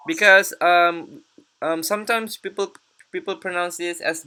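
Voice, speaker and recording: A woman teaching English pronunciation in an online class, patient and encouraging, repeating words slowly. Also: low voice, bright, forceful tone.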